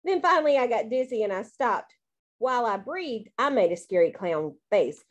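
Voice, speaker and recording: Audiobook reader: woman, bouncy child's-voice narration, high and very lively. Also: normal speed, lo-fi sound. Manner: bouncy and expressive.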